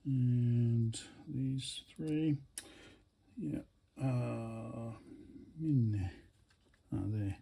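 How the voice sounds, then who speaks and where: A man talks through a teardown of a gadget at an unhurried, deliberate pace, in a voice of ordinary middle pitch. He thinks aloud as he goes, hesitant and full of fillers and restarts. He mutters low-key asides while he works with his hands. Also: gravelly, warm tone, husky. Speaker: electronics hobbyist vlogger. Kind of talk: casual hands-on teardown commentary.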